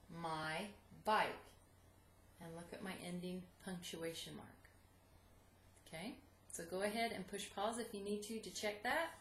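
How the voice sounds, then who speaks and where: A woman's voice: mid-range voice, fairly bright tone, slight background noise. Encouraging woman teacher in an echoey room. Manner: slow, clear dictation, encouraging. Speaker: second grade teacher. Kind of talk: video lesson for young students.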